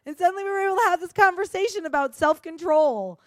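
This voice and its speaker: A woman's voice: very high voice, quick pace, no room sound, studio quality. Earnest woman pastor preaching. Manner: earnest, expressive, acts out quoted lines. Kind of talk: sermon.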